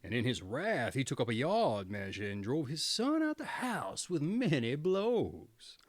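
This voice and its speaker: A man reading a fairy tale aloud in an expressive, theatrical storytelling manner. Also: medium pitch, unhurried, dry recording.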